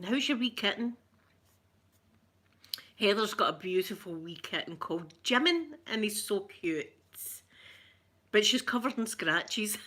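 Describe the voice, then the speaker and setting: Bright-voiced chatty Scottish woman. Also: mid-range voice. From Scotland. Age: middle-aged. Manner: chatty, laughing, greets viewers by name. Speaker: ASMR livestream host. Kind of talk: casual chat with live viewers.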